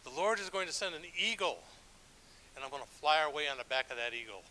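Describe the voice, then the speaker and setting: A stubborn old woman holds her ground with calm insistence, voiced by a man telling the story. The voice is bright and ringing, and it sits a little high. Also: quick pace, a little hiss or hum, rough recording. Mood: insistent.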